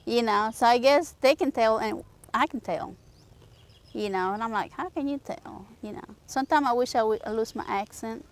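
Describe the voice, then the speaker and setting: Woman w/ north carolina southern accent, lively chatty interview talk, higher voice. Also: moderate pace.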